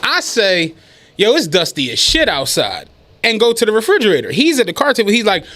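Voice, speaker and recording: Animated man telling a story. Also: high-pitched, brisk. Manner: animated, profane, laughing retelling. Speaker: podcast host. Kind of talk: storytelling in casual chat.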